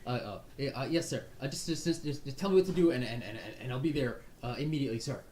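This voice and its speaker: A man's voice: medium pitch, a little mellow, slight background noise, natural voice. A man voicing a hyperactive, overeager young male recruit who stammers and repeats himself. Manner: stammering, rapid repeated yeses.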